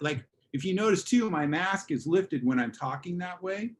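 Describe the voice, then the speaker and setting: Casual male teacher, slightly high voice. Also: lively intonation, moderate pace, few pauses. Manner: casual, acts out examples in voices. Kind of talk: online class lecture. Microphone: video call.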